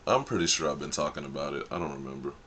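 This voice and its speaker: A man's voice: very deep voice, racing, fairly bright tone, slight background noise. A man hosting a casual live stream, chatting loosely in slang and drifting off track as he thinks aloud. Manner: rambling and easily sidetracked, thinking aloud; loose slang-filled talk.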